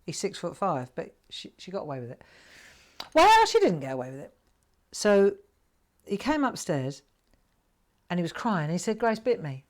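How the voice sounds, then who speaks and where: A middle-aged woman with a fairly low voice hosts a live crafting show from home, painting while chatting with viewers. She tells a rambling story at a moderate pace, with huge pitch swings, long pauses and frequent laughter.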